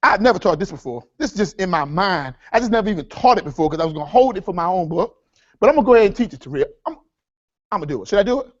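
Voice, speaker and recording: A man leading a live workshop seminar, energetic and repetitive, with a preacher-like cadence as he addresses the audience as folks. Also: sits high, racing, lo-fi sound. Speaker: workshop speaker.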